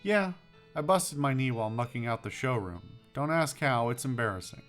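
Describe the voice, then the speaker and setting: Game horse dealer with an injured knee, talkative and embarrassed, read by a male gamer, mid-pitched. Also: expressive, normal speed, a bit bright, faint music behind, close to an everyday voice. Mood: sheepish. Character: chatty horse dealer nursing a busted knee.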